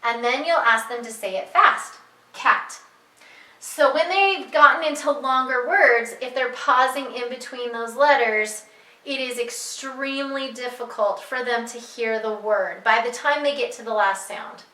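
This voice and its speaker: A woman's voice: a little high, normal speed, sharp tone, roomy sound, distant mic, rough recording. A woman who teaches reading, explaining to parents how to guide their child, patient and repeating her key points. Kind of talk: instructional talk to parents.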